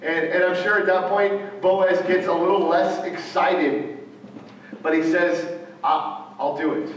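A man preaching a sermon, halting, with frequent fillers and restarts. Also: sits high, flat delivery. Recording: echoey hall from far off, faint ambient noise.

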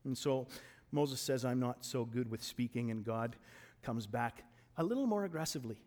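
A man preaching a sermon in a conversational way, often restarting and repeating words, and moving between raised emphasis and quiet asides. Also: medium pitch, lively intonation, moderate pace.

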